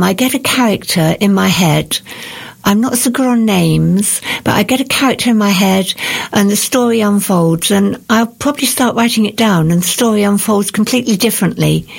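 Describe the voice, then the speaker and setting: An older woman, a writer answering radio interview questions and reading from her book in a measured, reflective way. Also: mid-range voice, gravelly, husky. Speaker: author guest.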